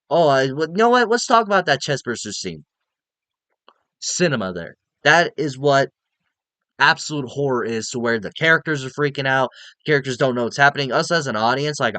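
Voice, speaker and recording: Smooth-voiced excitable male movie reviewer. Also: medium pitch, no echo. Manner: excitable, rambling, swears freely.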